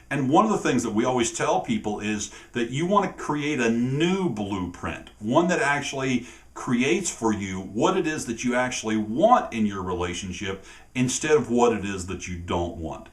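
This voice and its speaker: A man's voice: medium pitch, very animated, normal speed. A man, a relationship coach co-hosting with his wife, talking earnestly to camera in a casual, conversational way.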